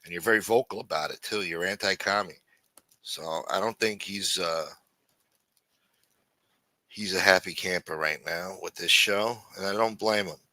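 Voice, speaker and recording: A man's voice: low-pitched, normal speed, long pauses, pushed and bright, no echo. A man hosting a livestream show in casual, rambling chat, cursing freely and saying "you know" a lot.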